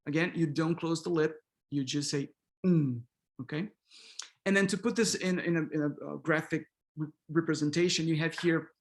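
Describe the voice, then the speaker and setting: A man's voice: fairly high pitch, fairly even intonation, moderate pace. A man teaches pronunciation in an online workshop, speaking through a video-call microphone. He models each sound by saying example words several times in a row. He keeps checking in with his listeners, asking "okay?" and "right?". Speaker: linguistics professor leading a workshop.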